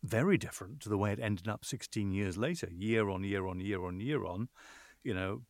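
A voiceover artist answering interview questions, thoughtful and expansive with self-deprecating humor. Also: male voice, lowish voice, animated, fairly quick, no echo.

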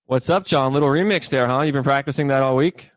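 A man's voice: medium pitch, fast, no echo. A man with a mid-range voice co-hosts a casual sports podcast, trading dry, teasing remarks with his partner. The sound is close and dry, with no room around it. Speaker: podcast co-host.

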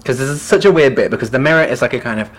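A man co-hosting a casual book podcast, who chats and laughs, then reads passages in a hushed, slow storytelling voice. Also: medium pitch. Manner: chatty, laughs, trails off into musing. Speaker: podcast co-host.

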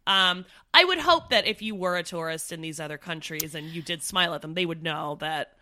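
A woman from Canada co-hosting a podcast, talking in a chatty, animated way with lots of "like" and "um". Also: fairly low pitch, a little fast. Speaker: podcast co-host. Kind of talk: casual chat.

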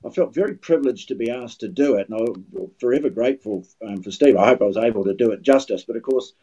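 An older man with a New Zealand accent shares anecdotes as a guest commentator in relaxed podcast chat, frequently restarting his sentences. His medium-pitched voice is mellow and slightly rough, he speaks fast, and the recording quality is low.

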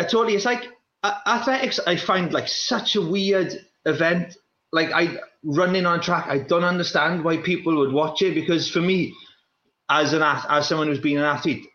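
A young man, a former runner, talking in a casual chat, restless and repeating himself in quick bursts. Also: a little high, a bit bright. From Wales. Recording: roomy, dull lo-fi sound.

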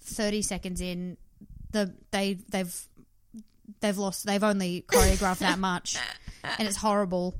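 A woman's voice: medium pitch, level tone, unhurried, smooth, dry recording. A woman co-hosting a casual chat who agrees readily and rambles before trailing off. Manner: agreeable, chatty, trails off into laughter. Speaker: podcast co-host.

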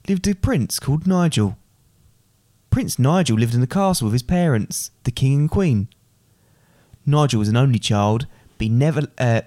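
A man co-hosting and reading his own fairy tale in a relaxed, loose, slightly halting way. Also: mid-range voice, dry recording, clean studio sound. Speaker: co-host and storyteller. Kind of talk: casual chat and reading his own story.

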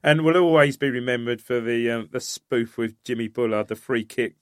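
A man's voice: medium pitch, normal speed, dry recording, studio quality. A man, co-hosting a casual football podcast, reminiscing and chiming in with agreement. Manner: reminiscing, lots of agreeing fillers. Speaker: podcast co-host.

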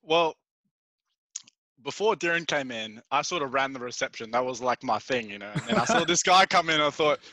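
Easygoing aussie guy, bright voice, dry close mic, casual guest chat. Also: mid-range voice, lively intonation, moderate pace, no room sound. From Australia. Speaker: guest, strength and conditioning coach.

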